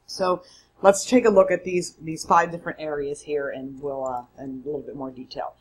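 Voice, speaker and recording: Speaking from home in a recorded mini-lecture, this public speaking instructor is conversational and emphatic and sometimes corrects herself. Her low voice holds a steady tone at normal speed, on a low-quality recording with a little hiss or hum.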